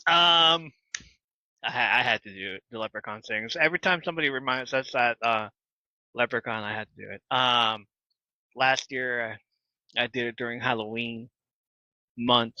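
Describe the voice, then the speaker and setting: Podcast host guy, lively and laughy, bright crisp tone, kinda lo-fi. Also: medium pitch, normal speed, long pauses, no room sound. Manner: animated, laughs a lot, chatty with viewers. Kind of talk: casual live podcast chat. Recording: slightly dull lo-fi mic.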